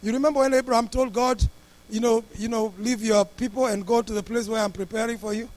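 A pastor preaching in a high, light voice for a man. He tells his story with lots of life, jumping from loud and high to soft and low as he acts out each person. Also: fast. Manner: animated, acts out the people in his story with big swings in pitch and loudness. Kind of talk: storytelling sermon.

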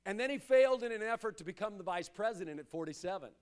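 A pastor with a notably high voice delivers a sermon. He presses his points through repetition and rises to loud, urgent exhortations. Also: expressive, fast, smooth. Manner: emphatic, repetitive preaching that swells to loud exhortations.

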